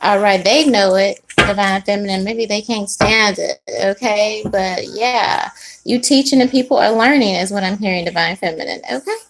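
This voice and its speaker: A woman's voice: mid-range voice, normal speed. A woman giving a casual tarot reading to her channel, sassy and chatty, full of slang, asides and laughs. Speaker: tarot reader.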